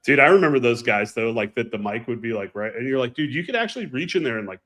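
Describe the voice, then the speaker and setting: A man chatting casually as a show co-host, telling animated flying anecdotes and acting out the people in them. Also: medium pitch, fast talker. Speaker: co-host, former flight instructor. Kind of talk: casual storytelling chat.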